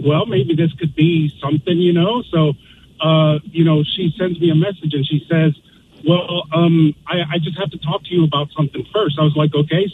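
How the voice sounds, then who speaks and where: Guy calling in, tinny phone line, hissy, kinda high voice, lots of uhs and you knows. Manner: rambling, lots of fillers. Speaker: caller. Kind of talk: telling a story on a call-in show.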